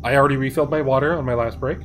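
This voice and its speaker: A man's voice: mid-range voice, steady tone, very fast, fairly bright tone. A man live-streaming, reading horror stories aloud and joking casually with his viewers. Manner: chatty, joking with chat; swears casually.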